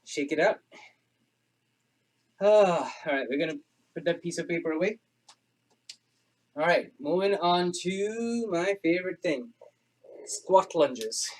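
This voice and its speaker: A man's voice: fairly high pitch, lively intonation, slow pace, pauses often. Panting, chatty male fitness instructor. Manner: chatty, jokes and laughs through the effort. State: panting from exercise. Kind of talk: home workout class instruction.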